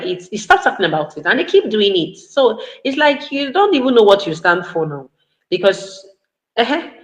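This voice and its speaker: A woman's voice: fairly low pitch, fairly bright tone. A woman giving an online parenting talk, earnest, repeating her points for emphasis. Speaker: parenting educator. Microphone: video call. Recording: roomy echo.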